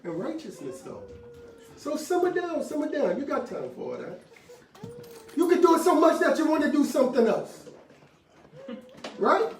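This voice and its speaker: A man preaching a sermon to a congregation, in call-and-response style with sudden shouted bursts and casual slangy asides. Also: very high voice, huge pitch swings, moderate pace, pauses often. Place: worship room with congregation. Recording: echoey room, mic far off, faint noise.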